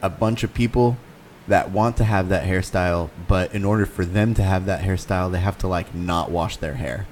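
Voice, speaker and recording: A man's voice: low voice, normal speed, hardly any pauses, a little mellow, a little hiss or hum. A man co-hosting a podcast, talking in an easygoing, explaining way with many "like"s. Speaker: podcast co-host. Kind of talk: casual chat.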